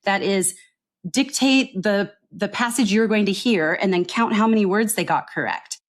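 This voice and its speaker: On a podcast, a pronunciation coach earnestly walks through what she does, peppering her explanations with quick "right?" check-ins. She speaks at a medium pitch.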